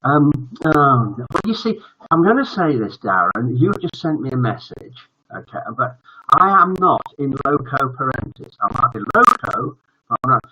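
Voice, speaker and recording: A man's voice: medium pitch, big pitch swings, normal speed, pushed and bright, breathy edge. Older northern English man, jokey live-stream host. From northern England. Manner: jokey, greets viewers by name. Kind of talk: casual live-stream chat. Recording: muffled lo-fi audio.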